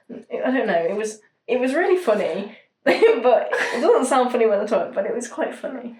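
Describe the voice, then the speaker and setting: A woman's voice: a little high, lively intonation, normal speed, a little mellow, roomy sound, poor audio. A young woman, co-hosting a podcast, telling stories with laughs and hesitations. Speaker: podcast co-host. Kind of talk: casual chat.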